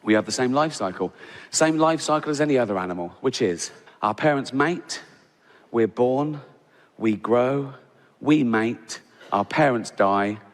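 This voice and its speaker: A stand-up comedian from Reading, England, with an English accent, tells crude stories bluntly and chattily, frequently checking in with "right?" He performs before a live audience in a large theatre, and his voice is medium-pitched, animated, and a little slow. The recording is reverberant, with crowd laughter.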